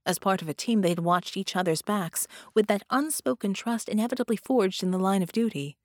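A woman narrating a dramatic superhero audiobook in a measured, storytelling manner. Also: medium pitch, no echo, clean studio sound.

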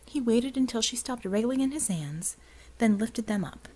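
A woman narrating an audiobook in a steady, even storytelling manner. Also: on the high side, normal speed. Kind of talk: scripted narration.

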